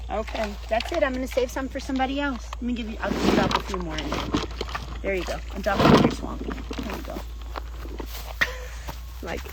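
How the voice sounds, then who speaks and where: A woman hosting a casual vlog walkthrough at an animal refuge, cooing at the animals in baby talk. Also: on the high side. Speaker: animal refuge caretaker and host. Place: outdoors at a rural animal refuge. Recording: outdoor noise with animals.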